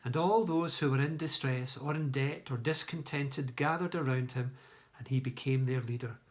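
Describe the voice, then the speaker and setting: A man's voice: medium pitch, normal speed. A man from a church reading a Bible story aloud, adding plain storytelling asides as he goes. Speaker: church leader.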